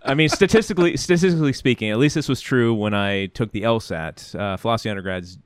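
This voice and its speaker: A man appearing as an attorney guest on a podcast, speaking in a measured, self-deprecating way with hesitant restarts. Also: on the low side, very noisy. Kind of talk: casual podcast chat. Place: studio.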